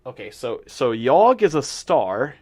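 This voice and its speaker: Unhurried and slightly rough, a medium-pitched male voice swings widely in pitch. He narrates a game in casual let's-play style, addressing the animals he runs into and reading the on-screen text aloud.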